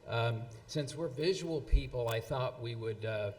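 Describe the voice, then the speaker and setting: A man's voice: mid-range voice, unhurried, slight background noise. A man giving a speech at an anniversary event, reading quotes with frequent fillers and restarts. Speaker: event presenter. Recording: long hall reverb.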